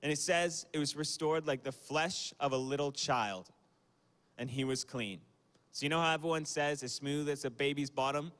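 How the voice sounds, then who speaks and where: A young man speaks to a youth group in a chatty, informal way, with fillers and quick apologies. His voice sits fairly high. A long hall reverb trails each phrase. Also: fairly bright tone, smooth. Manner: casual, conversational, with fillers and small apologies. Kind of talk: youth sermon on a livestream.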